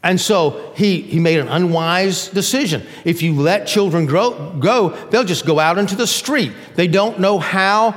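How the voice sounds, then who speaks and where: A man's voice: high-pitched, measured pace, hardly any pauses. An older man, a pastor, preaching a sermon in a conversational style, acting out little quoted voices as he goes. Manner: conversational preaching with lively acted-out asides. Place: church sanctuary. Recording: long reverb of a large hall.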